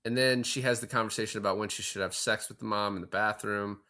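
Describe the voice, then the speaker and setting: On the low side in pitch, with a steady yet sharp tone and quick pace, a man co-hosts a podcast about a film. He chats loosely, cursing freely as he walks through scenes.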